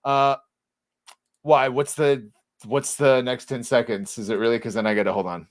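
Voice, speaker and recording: A man's voice: medium pitch, little pitch movement, normal speed, dry recording. A man co-hosting a podcast in casual chat, profane, rambling and sarcastic. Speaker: podcast co-host.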